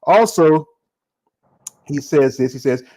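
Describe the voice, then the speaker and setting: Man, slightly high pitch; joking podcast host, halting, casual chat. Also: animated, warm tone, low-quality recording. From Southern United States. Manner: joking, halting, repeats words.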